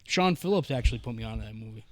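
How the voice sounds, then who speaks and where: A man's voice: lowish voice, rapid-fire, no echo, studio quality. A young man hosting a podcast, chatting casually, swearing freely and packing his talk with "dude" and "like". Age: young adult. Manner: profane, excitable, says "dude" and "like" a lot. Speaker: podcast host. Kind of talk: casual chat.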